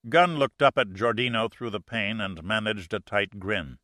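Bright, dry male audiobook narrator. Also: fairly low pitch, moderate pace, hardly any pauses, dry recording. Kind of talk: scripted narration.

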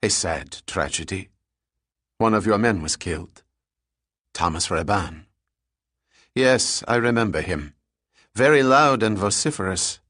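A man's voice: lowish voice, expressive, unhurried, long pauses, fairly bright tone, no room sound, clean studio sound. A man reading an audiobook, voicing a nervous and evasive male antiquities dealer who turns guarded and indignant. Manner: guarded, indignant, slightly pleading. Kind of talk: audiobook character voice.

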